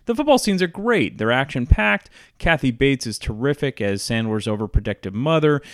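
A man talks through his favorite comedy movies in a loose, chatty countdown, with plenty of ums and you-knows. His voice is smooth and clear, and the recording is dry and close. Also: medium pitch, moderate pace, no echo. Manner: relaxed and chatty, with frequent fillers. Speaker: host. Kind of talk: casual movie countdown review.

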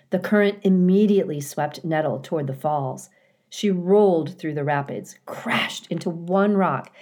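Slow, low-voiced woman reading aloud. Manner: calm, clear storytelling with occasional dramatic emphasis. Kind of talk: reading a children's novel aloud.

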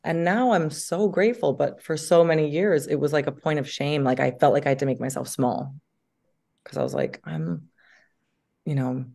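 Deep-voiced woman telling animated stories. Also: brisk, creaky. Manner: animated storytelling, acts out quotes in bursts. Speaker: actress and interview guest. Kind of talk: casual interview chat.

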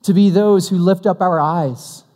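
High-voiced pastor in a hall. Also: male voice, a little slow, mellow. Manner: conversational, humorous, acts out quoted dialogue. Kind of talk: sermon with storytelling. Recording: long hall reverb.

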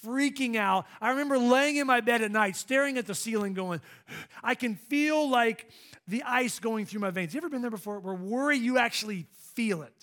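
Lively, high-voiced male preacher. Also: moderate pace. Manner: lively storytelling preacher, engaging congregation. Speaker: pastor. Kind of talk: sermon. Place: church sanctuary.

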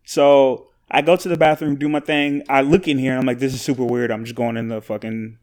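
A man co-hosting a casual podcast chat, an animated storyteller who laughs often and swears freely. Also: medium pitch, brisk. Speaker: podcast co-host.

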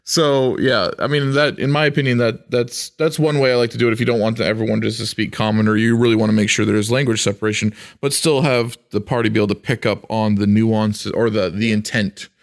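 A man's voice: fairly low pitch, steady tone. Laughing, rambling man. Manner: rambling, laughs often, slips into quick character voices. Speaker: podcast co-host. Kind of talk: casual chat about tabletop game mastering.

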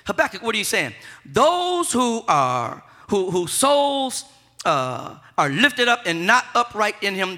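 A male preacher with a high, very bright, piercing voice that swings widely in pitch. He preaches with fervor, hammering on repeated phrases and calling on the congregation to say them back. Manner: fervent, repetitive, leads the congregation in call-and-response. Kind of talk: sermon.

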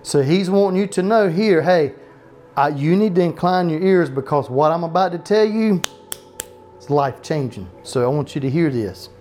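At a home Bible study, a pastor delivers a chatty sermon in a warm, medium-pitched voice with lively intonation and a moderate pace. Sentences frequently restart, and there are off-note asides about departing from the prepared notes.

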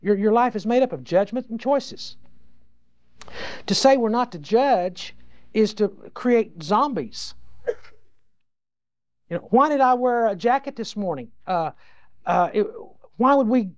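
A man's voice: high voice, animated, measured pace, pauses often, darkish tone, dry recording. Folksy preacher man, dry lo-fi sound. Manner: folksy, emphatic storytelling with frequent restarts. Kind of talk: sermon. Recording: dull lo-fi dry recording.

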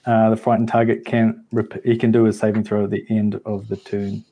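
A young man playing a tabletop game, talking hesitantly with plenty of ums and pauses. He slips in jokes while working out his moves. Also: fairly low pitch, flat delivery, lo-fi sound. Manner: hesitant, full of ums, joking. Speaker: player.

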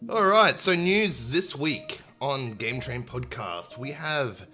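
Bright-voiced podcast host. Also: male voice, medium pitch, animated, slow pace, faint music behind. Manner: chatty, filler-heavy, enthusiastic. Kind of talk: casual chat. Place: home, streamed online. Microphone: internet stream with dropouts.

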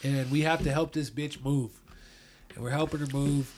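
A man's voice: on the high side, steady tone, normal speed, darkish tone, a little hiss or hum. A young man from Colorado telling a profane, slang-heavy story in casual chat, acting out the quotes. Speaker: guest storyteller.

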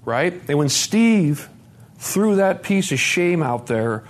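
A man's voice: big pitch swings, slow pace. Candid man giving a recovery talk. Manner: candid, self-deprecating, swears freely; drops to a quiet low voice on heavy points. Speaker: recovery meeting speaker. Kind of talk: personal testimony talk. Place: conference meeting room with live audience.

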